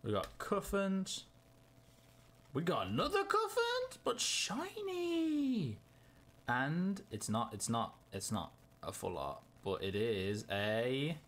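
Excitable young man with lively pitch. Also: a little hiss or hum. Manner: excitable, chatty, muttering to himself. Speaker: YouTuber. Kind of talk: casual card-opening vlog.

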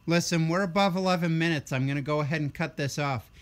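A man's voice: on the high side, fast. A tired young man ranting bluntly and sarcastically in a political vlog. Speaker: vlogger.

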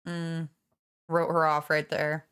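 A woman's voice: low voice, flat delivery, takes it slowly, fairly bright tone, faint music behind. A woman co-hosting a casual reaction podcast, chatty and blunt, filling her talk with "like". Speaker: podcast co-host. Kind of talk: casual reality-TV reaction chat.

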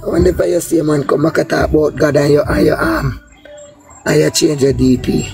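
A woman's voice: low voice, fast talker, vocal fry, music in the background. A woman with a Jamaican Patois accent giving a heated, casual political rant, blunt and profane, with a lilting sing-song delivery. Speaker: political commentator.

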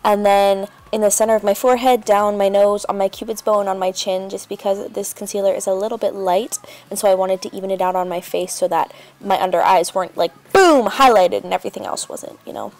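A woman's voice: medium pitch, steady tone, fairly quick, hardly any pauses, a little mellow. A woman chatting casually as she narrates a makeup tutorial, rambling with lots of fillers. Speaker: beauty vlogger.

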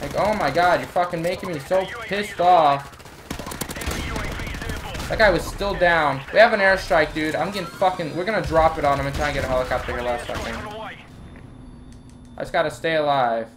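A frustrated man rants and swears through his gameplay commentary. Clear gunfire and explosions from the game sit behind his voice. He talks like someone who is easily riled up. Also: on the high side, moderate pace, long pauses, noisy background. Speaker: gamer and channel host. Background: shooter game gunfire and explosions.

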